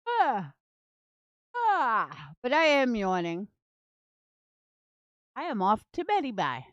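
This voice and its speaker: A woman's voice: a little high, wildly swooping pitch, slow, dry recording, highs cut off. A woman doing casual livestream commentary from home, blunt, profane and sarcastic toward her targets. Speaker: true crime commentary streamer.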